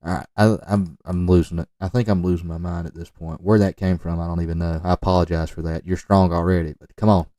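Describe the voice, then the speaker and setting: A man with a low voice talks over football highlight film in loose, rambling commentary, and he keeps sliding into joking asides aimed at the players. He sounds dry and set back from the mic. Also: little pitch movement, fast talker, hardly any pauses, mellow, dry recording, distant mic. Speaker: football recruiting video reviewer. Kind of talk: off-the-cuff commentary on game film.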